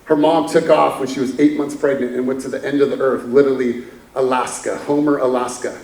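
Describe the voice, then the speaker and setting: A man's voice: medium pitch, little pitch movement, brisk, darkish tone, distant mic. A man giving a candid motivational talk from a conference stage, chuckling as he tells stories. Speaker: keynote speaker. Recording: echoey hall from afar.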